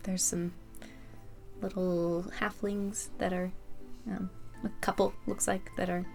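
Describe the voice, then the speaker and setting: A woman running a tabletop game as game master, narrating in a lively, hesitant way with many fillers. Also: medium pitch, slow pace, vocal fry, faint music behind.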